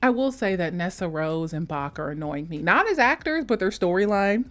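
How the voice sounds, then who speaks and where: A woman chatting casually as a vlogger, gushing about a film in slangy talk, switching between high mock voices and soft whispers. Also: sing-song, moderate pace, hardly any pauses, faint music behind. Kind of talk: casual chat.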